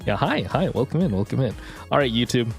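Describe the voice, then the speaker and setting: Animated man greeting his stream chat. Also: medium pitch, brisk, creaky, faint music behind. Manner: bubbly, greets chatters one by one; self-deprecating joking. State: a little out of breath. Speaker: livestream host. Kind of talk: casual live-stream chat.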